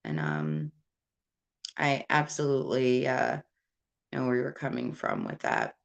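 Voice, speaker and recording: A woman's voice: a bass voice, sing-song, a little slow, vocal fry. A woman from Puerto Rico hosting a casual live stream, answering viewer comments in a rambling, candid way with many fillers. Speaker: host.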